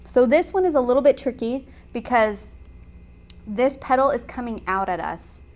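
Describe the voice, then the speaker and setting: A woman's voice: on the high side, lively intonation, moderate pace, a little mellow. Chatty woman teaching watercolor. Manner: chatty and enthusiastic, frequent "um" fillers. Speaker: watercolor instructor. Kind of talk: casual tutorial chat while painting.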